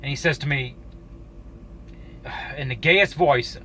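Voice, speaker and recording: A man with a fairly high, bright and forceful voice tells a story from his own life to camera. He talks loosely and swears often, stumbling and restarting as he goes. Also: a little hiss or hum, poor audio. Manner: profane, halting, with frequent restarts. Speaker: YouTuber.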